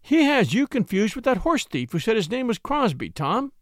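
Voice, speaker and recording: A man voicing a quick-witted young woman who talks in a high, excited, pleading way. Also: dry recording, clean studio sound. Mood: sly.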